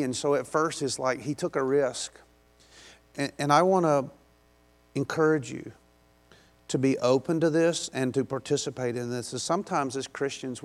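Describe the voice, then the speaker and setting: A man's voice: medium pitch, vocal fry. A male pastor giving a conversational, self-deprecating sermon in a church, often restarting his sentences.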